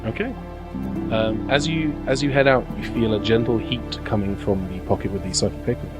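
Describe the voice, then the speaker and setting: A man's voice: on the low side, brisk, loud music behind the voice. A man narrating as game master in a tabletop game, hesitant and full of restarts as he describes scenes. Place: studio, recorded in a game shop.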